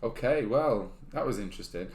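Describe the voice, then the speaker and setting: A man hosting a casual chat, briskly quizzing his co-host. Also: mid-range voice, expressive. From Lancashire, England.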